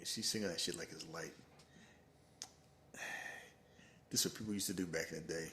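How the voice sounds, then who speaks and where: A man's voice: low-pitched, moderate pace. A man co-hosting a podcast, chatting casually about a movie in profane slang and acting out the characters as he retells scenes. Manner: animated storytelling, profane slang, acts out characters. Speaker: podcast co-host. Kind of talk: casual movie reaction chat.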